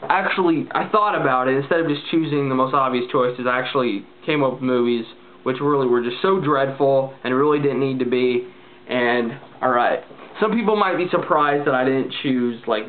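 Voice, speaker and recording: A man casually ranting in a vlog, rambling and exasperated, with lots of filler words. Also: mid-range voice. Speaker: vlogger. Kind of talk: casual ranting movie review. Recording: tinny phone-like lo-fi sound.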